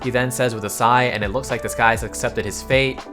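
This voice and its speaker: A man's voice: medium pitch, fairly even intonation, brisk, music in the background. A man narrating a casual comic recap, tossing slangy, joking asides to his viewers.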